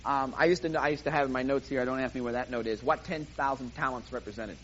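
A man's voice: medium pitch, quick pace, a bit bright, lo-fi sound, slight background noise. A man preaching a sermon in an emphatic, impassioned way, often repeating himself for emphasis.

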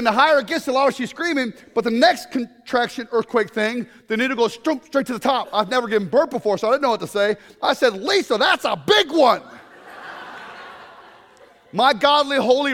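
A man preaching a humorous sermon to a congregation, telling stories in an animated way with bursts of shouting. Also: extremely high pitch, big-room sound. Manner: animated storytelling with comic shouted outbursts. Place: congregation in a room.

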